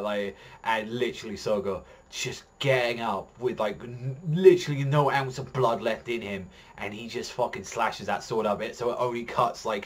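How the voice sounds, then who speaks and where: A man giving excited, rambling commentary as a reaction video host, swearing heavily as he talks. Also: lowish voice. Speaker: manga reaction youtuber. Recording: faint music behind voice.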